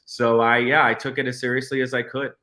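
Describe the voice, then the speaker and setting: Bright-voiced man actor guest. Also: medium pitch, level tone, brisk. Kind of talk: casual interview chat.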